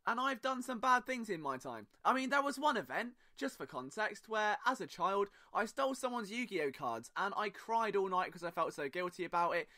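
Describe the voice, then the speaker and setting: A man's voice: high voice, big pitch swings, moderate pace, few pauses, pushed and bright. A young British man hosting a podcast alone, talking casually with sarcastic, self-mocking asides. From Britain. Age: young adult. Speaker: podcast host. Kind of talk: casual solo podcast monologue.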